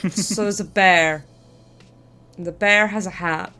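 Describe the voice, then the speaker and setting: A woman's voice: on the low side, steady tone, slow pace, sharp tone, smooth. Chatty woman streamer. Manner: chatty, rambling, swears casually. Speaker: streamer host. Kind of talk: casual chat.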